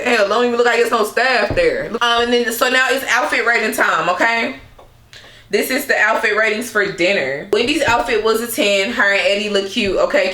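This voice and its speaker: A woman's voice: mid-range voice, sharp tone, echoey room. A young woman recapping a reality show in casual, sassy commentary, laughing often and throwing in slangy asides.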